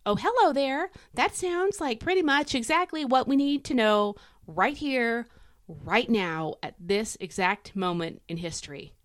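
A woman hosting a devotional podcast, chatty and emphatic, swinging her pitch up and down to stress words. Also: lively intonation, measured pace, dry recording, clean studio sound. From United States. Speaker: podcast host.

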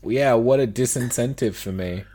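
A man's voice: medium pitch, normal speed, warm tone. A man co-hosting a casual podcast who jokes, teases his co-host and swears freely. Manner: joking, teasing, swears freely.

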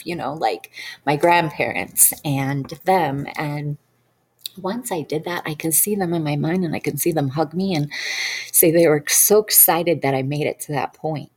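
A woman's voice: low voice, a little mellow. A woman practitioner telling a personal story in an earnest, rambling way with many fillers. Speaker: hypnosis practitioner.

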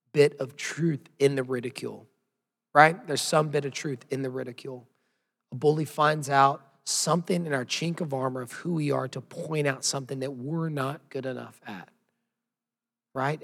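A man's voice: on the high side, vocal fry, long reverb tail. A man preaching a sermon as a pastor, emphatic, with frequent rhetorical questions.

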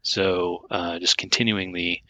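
A man's voice: sits low, level tone, measured pace, sharp tone, no echo. A man co-hosting a podcast in casual chat, rambling with many fillers and restarts. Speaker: podcast co-host.

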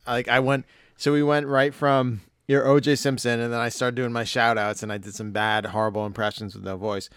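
A hoarse man hosting a podcast, chatting casually in a rambling, jokey way with some swearing. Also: mid-range voice, level tone, fairly quick, a bit bright, dry recording, studio quality. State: hoarse, voice nearly gone. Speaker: podcast host.

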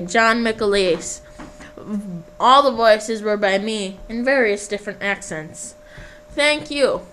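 A woman hosts a homemade radio show and wanders off into self-deprecating jokes. She talks slowly in a fairly high voice, with a faint hum behind her. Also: rough recording. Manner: rambling, self-deprecating, jokey. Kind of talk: amateur radio show hosting.

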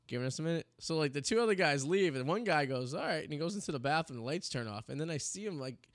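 A man's voice: fairly high pitch, expressive, quick pace, dry recording. Rambling man telling stories in a dry studio. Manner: rambling storyteller, many restarts and fillers. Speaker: podcast host. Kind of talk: casual chat. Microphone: studio mic.

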